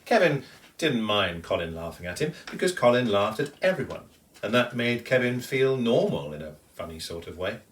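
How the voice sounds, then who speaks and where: Man, storybook reader, expressive, very animated pitch, a bit off-mic. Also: normal speed, far from the mic, slight background noise. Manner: expressive, sing-song reading. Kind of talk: children's storybook reading.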